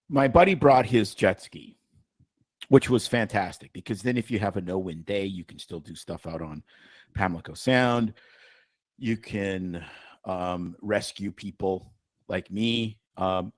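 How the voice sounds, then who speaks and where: Husky joking male podcast host. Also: low-pitched, no room sound. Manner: joking, rambling storyteller. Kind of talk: casual chat.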